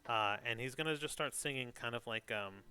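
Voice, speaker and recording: A man's voice: medium pitch, brisk, bright, forceful tone, clean tone. A man narrating a tabletop game as game master, in a loose, descriptive way. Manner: loose, descriptive, lots of "like" and "kind of".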